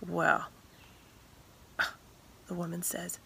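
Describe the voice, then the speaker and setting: A woman retelling a scripture story dramatically, animated and often dropping to whispers. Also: medium pitch, measured pace, gravelly, husky.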